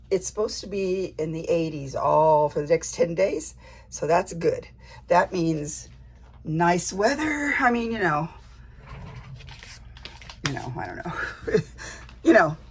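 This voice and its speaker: Rambling woman with a husky voice. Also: fairly low pitch. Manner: rambling, chatty, many fillers and restarts. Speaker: junk journal vlogger. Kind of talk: casual show-and-tell chat.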